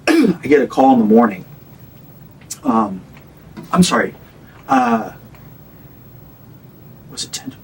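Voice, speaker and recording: A man in his thirties, a rock band frontman appearing as a guest, tells an animated story in casual conversation, swearing and acting out the voices he quotes. His mid-range voice is slow with vocal fry and frequent pauses. The recording is rough, with a distant mic and a little hiss or hum.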